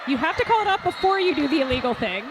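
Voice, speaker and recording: Female derby commentator, playful and chatty, high voice, faint outdoor noise. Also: very animated, quick pace. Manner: chatty and jokey, laughing at her own puns. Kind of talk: live sports commentary.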